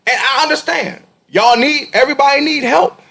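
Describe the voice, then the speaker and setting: A man co-hosting a barbershop-style podcast, arguing loudly and emphatically, repeating his points for punch. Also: extremely high pitch, moderate pace, gravelly. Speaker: podcast co-host. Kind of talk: heated barbershop debate. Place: cigar lounge.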